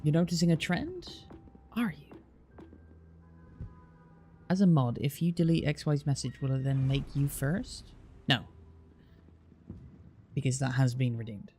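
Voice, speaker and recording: A man's voice: fairly high pitch, measured pace, long pauses, a little mellow, faint music behind. A British man live-streaming, reading out place names one by one and chatting casually with his viewers, with the odd swear.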